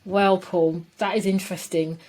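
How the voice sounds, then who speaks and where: A woman co-hosting a podcast in casual chat, animated and emphatic. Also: lowish voice, moderate pace. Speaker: podcast co-host.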